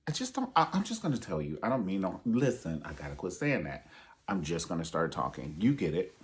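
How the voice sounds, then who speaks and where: A man's voice: low-pitched, huge pitch swings, brisk. A man giving sassy, profane pop-culture commentary and calling his listeners honey. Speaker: online show host.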